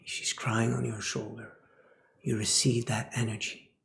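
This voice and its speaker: A man teaches about spiritual matters at an unhurried, deliberate pace. His voice has a gravelly, creaky texture, and he often sinks to a near whisper for emphasis. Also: mid-range voice, little pitch movement, a bit bright, reverberant. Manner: slow, often drops into a whisper.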